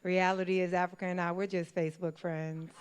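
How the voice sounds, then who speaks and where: A woman from New York works a live stand-up set. She tells her stories in an animated way, often breaking into laughter between lines. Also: lowish voice, fairly quick, a little hiss or hum. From New York, USA. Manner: animated storytelling with frequent laughs. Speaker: comedian. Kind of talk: stand-up comedy. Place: live show in a church venue.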